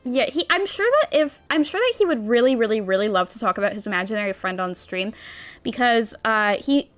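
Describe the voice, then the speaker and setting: A woman's voice: fairly high pitch, animated, fairly quick. A woman streamer chatting casually with her viewers in a bubbly, cutesy, rambling way. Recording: faint background music.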